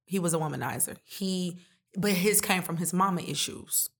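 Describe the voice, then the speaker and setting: A woman's voice: fairly low pitch, normal speed, creaky. A woman talking candidly and emotionally in a heart-to-heart conversation, full of casual slang.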